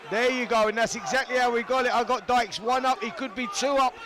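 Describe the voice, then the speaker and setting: A man's voice: extremely high pitch, steady tone, fast, crowd noise. A man with a Cockney accent giving live boxing commentary in a chatty, bantering way.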